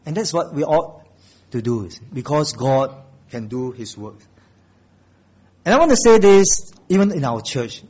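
In this sermon the preacher is very animated, his slightly husky voice a little high. He rises to loud, forceful climaxes, then eases into soft, slow delivery for the important lines, all on a dull, lo-fi recording.

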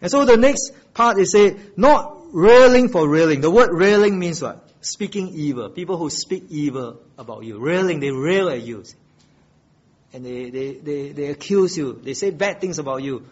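A man preaches with a fairly high voice, rising to loud emphatic peaks and dropping low to drive a point home. He repeats key phrases and poses questions to his listeners. The recording sounds dull and lo-fi. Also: animated, moderate pace. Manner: emphatic preaching with wide swings in pitch and loudness. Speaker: pastor. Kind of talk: sermon.

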